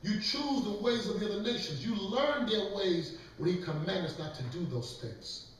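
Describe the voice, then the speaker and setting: High-pitched male preacher, emphatic lecturing, heavy echo, distant mic, faint room hiss. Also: lively intonation, moderate pace. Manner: emphatic, lecturing, calls for readings. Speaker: preacher leading a scripture class. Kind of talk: preaching sermon. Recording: echoey room, mic far off.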